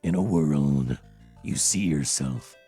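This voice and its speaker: Booming trailer announcer, deep and dramatic, done by a man as a bit. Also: slow, mellow, breathy edge, faint music behind, full character voice.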